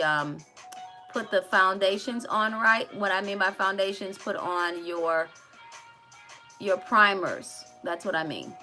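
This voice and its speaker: A woman's voice: fairly low pitch, sharp tone. A woman hosting a live makeup tutorial, chatting to her viewers directly with playful asides.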